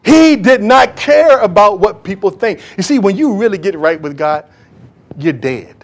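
A man preaching a sermon as pastor, impassioned and talking straight to the congregation, swinging from loud calls to hushed whispers. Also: high-pitched, animated, normal speed. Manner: addresses congregation directly, acts out quoted voices.

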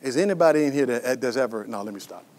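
A man preaching a sermon as pastor, passionate and dynamic, swinging from shouts to hushed whispers and calling out to the congregation. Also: medium pitch, lively intonation, quick pace. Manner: calls out to the congregation.

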